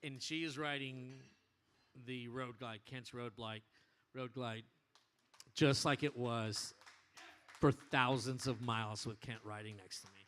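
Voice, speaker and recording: A man addressing his motorcycle club in a bar, telling an animated, profane story in casual speech. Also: medium pitch, unhurried, long pauses, slight background noise.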